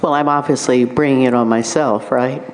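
A middle-aged woman author talking onstage about her own writing. Her voice sits notably low, and she speaks in a wry, self-deprecating, reflective way, circling back over her thoughts. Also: fairly even intonation, normal speed, a little hiss or hum. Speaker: author guest. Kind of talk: onstage conversation.

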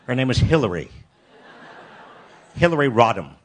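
An older American man telling a personal story in a wry, self-deprecating way, often halting and restarting his sentences. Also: mid-range voice, sing-song. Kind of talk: personal anecdote talk.

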